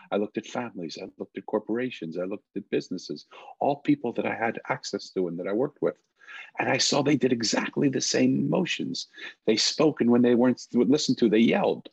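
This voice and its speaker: Middle-aged man, gravelly voice, low pitch, earnest storytelling, dull lo-fi sound. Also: darkish tone, no echo. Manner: earnest, halting restarts. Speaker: guest. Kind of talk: emotional personal storytelling.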